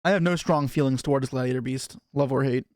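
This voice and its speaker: A young man with a medium-pitched, slightly mellow voice chats casually on a live stream, opening trading card packs and answering his chat. He's talkative, reacts to viewers and tosses in quick asides. The recording is dry and clean, with a studio sound.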